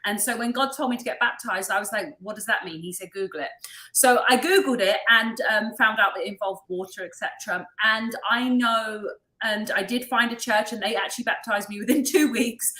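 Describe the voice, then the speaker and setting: A woman's voice: a little high, normal speed, bright, forceful tone. A woman from England, hosting a talk show and sharing a story in casual chat. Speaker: host. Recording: roomy echo.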